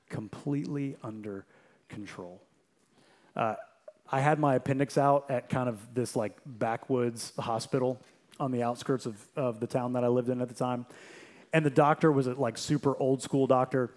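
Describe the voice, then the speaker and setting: A young adult man delivers a sermon as a pastor. His voice sits at an ordinary pitch. He swings between energetic, rapid anecdotes and quiet, deliberate emphasis. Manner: swings from loud, quick storytelling to quiet, slow emphasis.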